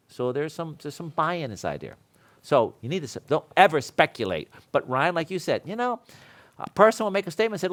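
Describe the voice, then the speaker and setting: A middle-aged man teaching a seminar class, telling stories in a casual, animated way and laughing often. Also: a little high, fast. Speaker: seminar instructor.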